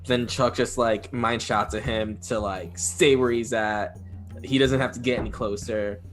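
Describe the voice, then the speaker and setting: A man's voice: medium pitch, steady tone, unhurried, faint music behind. Casting: a laid-back man from New Jersey describing his game turn. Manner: laid-back, hesitant, lots of fillers. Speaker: player. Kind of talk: casual tabletop game chat.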